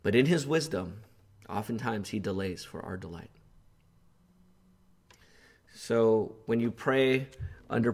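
A male pastor preaching an earnest sermon, growing impassioned as he voices the psalmist's pleas. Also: medium pitch.

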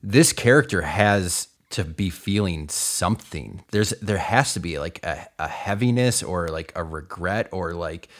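A man with a very low voice talks through a film on a podcast. He is emphatic and incredulous, slowing down to hammer his points home. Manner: emphatic, incredulous, deliberate stresses. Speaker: podcast co-host. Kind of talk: casual movie discussion.

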